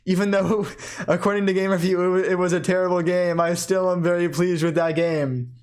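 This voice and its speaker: A chess player giving casual commentary on their own game at home, thinking aloud with quick self-corrections and bursts of excitement. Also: medium pitch.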